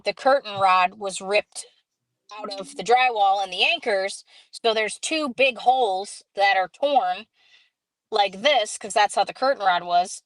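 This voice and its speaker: A woman hosting a casual live stream, telling a story in an animated way, acting out quoted dialogue and greeting viewers as she goes. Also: medium pitch, no echo, poor audio.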